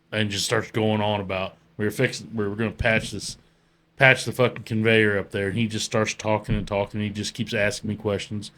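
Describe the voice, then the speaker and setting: A man's voice: fairly low pitch, fairly bright tone. A man hosting a casual podcast chat, telling rambling, profane work stories among friends. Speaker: podcast host.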